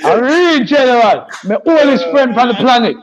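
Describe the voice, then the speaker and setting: A man, a DJ guest telling stories in lively, laughing podcast chat. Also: very high voice, normal speed, muffled recording, crowd noise. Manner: lively storytelling, frequent laughter.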